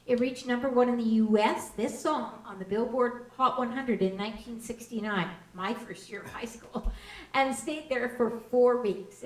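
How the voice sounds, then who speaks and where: A woman in her sixties hosting a home ukulele jam, chatty, laughing easily as she introduces songs and teaches a strum. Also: fairly high pitch. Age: 60s. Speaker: host and song leader. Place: home kitchen. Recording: roomy kitchen, distant mic.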